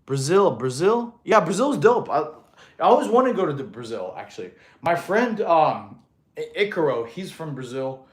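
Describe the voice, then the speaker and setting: Chatty man in his thirties, bit high. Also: sing-song, moderate pace. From Russia. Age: 30s. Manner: chatty, reads out and answers viewer comments. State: out of breath after exercise. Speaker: fitness streamer. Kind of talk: casual livestream chat.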